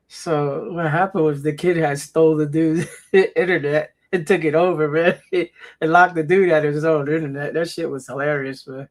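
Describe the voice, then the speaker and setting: Casting: male co-host, slightly high voice, laughs a lot, loose and profane. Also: fairly even intonation, normal speed. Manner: laughing, loose, swears casually. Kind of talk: casual chat.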